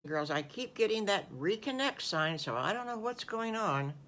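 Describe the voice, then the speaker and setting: An older woman, a great-grandmother, telling an improvised children's story slowly with homely asides to the little listeners over a video call. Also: medium pitch, expressive, fairly bright tone, slight background noise. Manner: slow, homely, addressing children with small asides.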